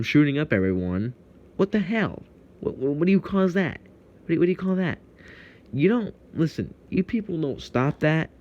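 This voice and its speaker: A man's voice: mid-range voice, a little mellow, muffled recording. A young man from Texas with a Texan accent, ranting heatedly to camera in a profane, confrontational vlog monologue.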